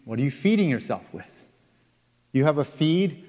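A man preaching a sermon in an earnest way, reading scripture aloud and stressing key words with pauses. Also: a little high, very animated, a little mellow. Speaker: pastor. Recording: long reverb of a large hall.

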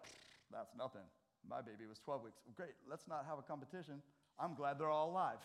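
An American man preaches from the pulpit with a slightly raised voice. He tells stories in a conversational way, getting loud and then dropping almost to a murmur. The delivery is that of a pastor talking directly to his congregation. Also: sits high. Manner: conversational storytelling with big swings between loud and soft. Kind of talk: sermon. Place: church.

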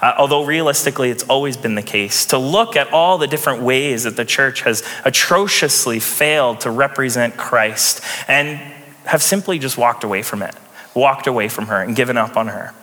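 A man's voice: medium pitch, moderate pace, bright, forceful tone, big-room sound. A young male pastor preaching a sermon in a conversational way, with light sarcasm and frequent chuckles. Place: church sanctuary.

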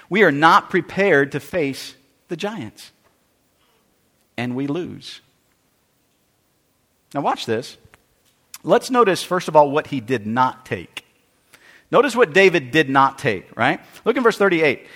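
A man's voice: fairly high pitch, sing-song, unhurried, long pauses, a bit bright. A man preaching a sermon with dramatic delivery, acting out the voices of Bible figures and worried churchgoers. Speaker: pastor. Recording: long hall reverb.

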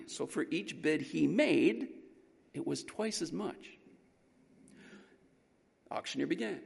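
A man preaching a sermon through an animated, emphatic story. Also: fairly high pitch, unhurried, vocal fry, long pauses, slightly rough. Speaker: pastor. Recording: long reverb in a large hall.

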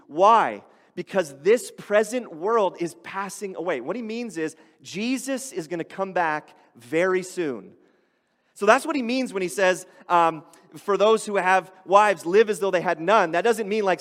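A male pastor preaching a sermon in a conversational way, reading scripture and adding casual asides. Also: high-pitched. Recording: long reverb of a large hall.

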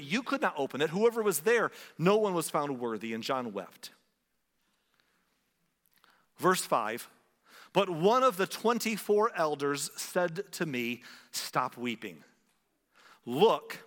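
A man preaching a conversational sermon, asking rhetorical questions and slowing down for dramatic emphasis. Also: a little high, a bit bright, in a large hall. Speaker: pastor.

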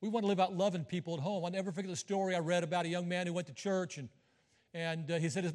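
A high-pitched middle-aged man preaching in a church sanctuary, his voice trailing off into a long hall reverb. He keeps things folksy and conversational, teasing the congregation between points. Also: steady tone, fast talker, darkish tone. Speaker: visiting missionary preacher. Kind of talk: sermon.

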